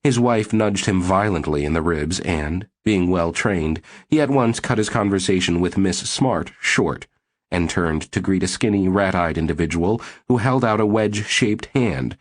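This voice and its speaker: Male audiobook narrator, low and husky, steady storytelling delivery. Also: normal speed. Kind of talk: scripted narration.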